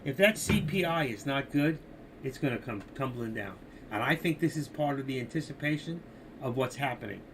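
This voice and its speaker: Talking straight to his viewers, an older male streamer rambles through markets and opinions. He speaks briskly and animatedly in a bright, medium-pitched voice, with a little hiss.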